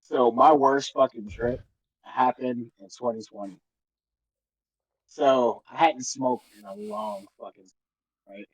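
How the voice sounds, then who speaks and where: A man's voice: mid-range voice, takes it slowly, long pauses, breathy edge, dry recording, lo-fi sound. A man co-hosting a podcast, telling a long story in a casual, profane way and acting out what people said. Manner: animated, profane storytelling with acted-out quotes. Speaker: podcast co-host.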